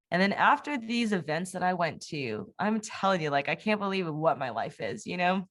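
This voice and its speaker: A woman's voice: on the low side, sing-song, moderate pace. A young woman, an interview guest, telling a personal testimony in a candid, rambling way, full of fillers and restarts. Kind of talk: personal testimony in casual conversation.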